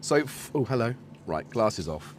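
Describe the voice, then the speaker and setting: A man hosts a casual live stream, greeting viewers and chatting loosely while he demonstrates a synth module. His medium-pitched voice is very animated but a little slow, and his talk rambles, with frequent self-corrections. Slight background noise is audible.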